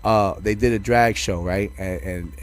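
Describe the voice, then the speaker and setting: A man's voice: lowish voice, a little slow. A man telling a funny story in a casual chat, profane and full of fillers. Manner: animated, profane, heavy on fillers. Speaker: podcast co-host.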